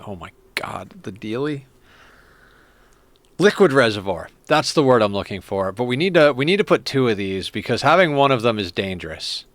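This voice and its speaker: A man streaming a game, chatting casually and thinking out loud to his viewers. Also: mid-range voice, sing-song, brisk, few pauses. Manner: chatty, thinks aloud and talks to chat. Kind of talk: casual live-stream commentary.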